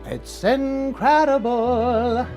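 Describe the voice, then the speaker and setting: A man singing in falsetto as a female ballad singer, slow and tender. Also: fairly even intonation, a little mellow, faint music behind, full character voice. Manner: high falsetto crooning. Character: impression of a female singer in a high voice.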